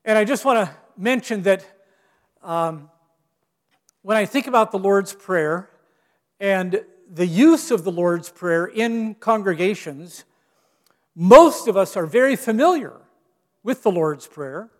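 A man's voice: high voice, expressive, slow pace, long pauses, in a large hall. A man preaching as a guest speaker, joking about himself and restarting his phrases as he speaks. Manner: self-deprecating humor, frequent restarts. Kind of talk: sermon. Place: church sanctuary.

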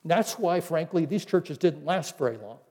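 A man with a high, mellow voice preaches a teaching sermon. He slows and softens when he quotes scripture. A long reverb hangs behind him. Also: lively intonation. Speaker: pastor.

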